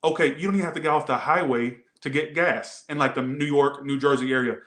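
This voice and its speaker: Man, tarot reader, rambling, profane, a bit high-pitched, echoey room. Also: fairly even intonation, quick pace, a bit bright. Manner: rambling, profane, repeats himself. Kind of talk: casual tarot reading and chat.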